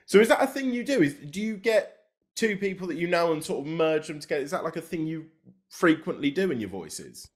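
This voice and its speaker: A man's voice: on the high side, big pitch swings, brisk. A man interviewing a guest, asking curious, probing questions.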